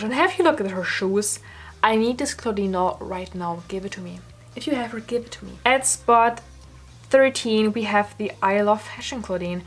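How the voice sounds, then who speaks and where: Gushing young woman reviewing dolls. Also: mid-range voice. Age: young adult. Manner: gushing, effusive, swears casually. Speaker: doll collector vlogger. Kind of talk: casual review vlog.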